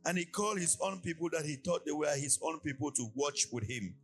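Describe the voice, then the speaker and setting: High-voiced preacher with sing-song delivery. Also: male voice, brisk, faint music behind. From Cameroon. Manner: sing-song preaching cadence with lively swings and illustrative asides. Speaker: pastor. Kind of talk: sermon. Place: church.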